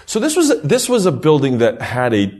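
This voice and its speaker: A middle-aged man casually telling a rambling, animated story, laughing through parts of it. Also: mid-range voice, moderate pace.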